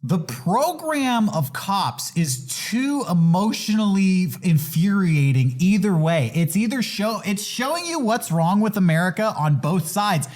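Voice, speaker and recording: A man with a notably high voice that swings widely up and down. He rants with animated energy in casual podcast chat and laughs often. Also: a little slow, hardly any pauses. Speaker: podcast guest.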